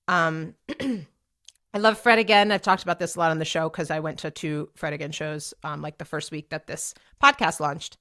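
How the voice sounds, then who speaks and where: A woman in her forties hosts a casual solo podcast, speaking straight to the camera. Her voice sits a little low, and she rambles in a lively, chatty way, full of "like" and "um" and quick restarts. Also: gravelly. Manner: chatty and animated, many fillers and restarts. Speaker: podcast host and DJ. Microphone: speaking to a camera for a video podcast.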